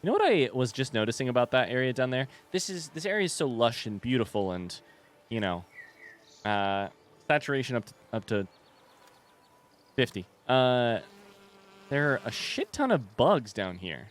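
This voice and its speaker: A man's voice: medium pitch, sing-song, moderate pace, pauses often. A young man commenting casually on a game he plays, giggly and rambling, tired late at night. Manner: giggly, rambling, self-deprecating. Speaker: let's play host.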